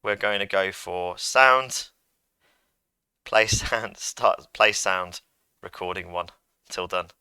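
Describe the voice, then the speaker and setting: A man's voice: deep voice, takes it slowly, long pauses, pushed and bright, smooth, dry recording. A man teaching a coding lesson to pupils, chatty and playful as he talks through each step on a computer microphone. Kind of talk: screen-recorded coding lesson.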